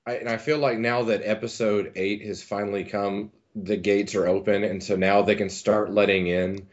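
A man's voice: lowish voice, flat delivery, normal speed. A man co-hosting a casual podcast, thoughtful and rambling with many fillers. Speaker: podcast co-host. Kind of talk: casual chat. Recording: dull lo-fi audio.

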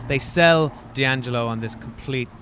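A man with a mid-range voice, co-hosting a podcast. He chats in a lively, emphatic way and laughs easily. Faint street and traffic sounds can be heard behind him. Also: mid-range voice, normal speed. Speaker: podcast co-host. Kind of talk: casual chat.

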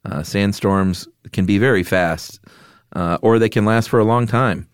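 A man's voice: fairly low pitch, measured pace, smooth, no echo, clean studio sound. A man co-hosting a podcast in casual, jokey chat, laughing often and reading from his notes. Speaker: podcast co-host.

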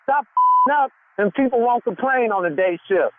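Man on a loud tinny phone line. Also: very high-pitched, animated, normal speed, heavy background noise. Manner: defensive, profane, repeats himself. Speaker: prank call target. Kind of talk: heated phone argument. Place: factory at work.

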